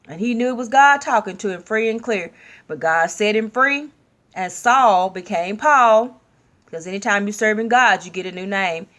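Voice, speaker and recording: A woman sharing a personal testimony in a sermon style, speaking openly and leaning slowly into her key phrases. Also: medium pitch, fairly bright tone. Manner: slow, drawn-out emphasis, candid and personal.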